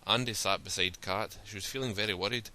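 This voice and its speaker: A man reads a story aloud in a steady, plain style. His voice sits fairly low but comes across forceful and sharp-edged. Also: fairly quick. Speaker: narrator. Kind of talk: storybook reading.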